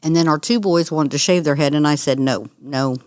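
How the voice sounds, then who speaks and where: A middle-aged woman, a guest on an interview, telling her story in an earnest, animated way. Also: low voice, brisk, no echo, studio quality. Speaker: guest, cancer survivor. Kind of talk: conversational interview.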